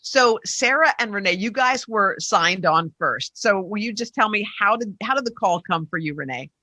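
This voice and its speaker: A woman's voice: mid-range voice, lively intonation, normal speed, pushed and bright, dry recording. A woman interviewing a cast, gushing and enthusiastic in casual chat. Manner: effusive, enthusiastic.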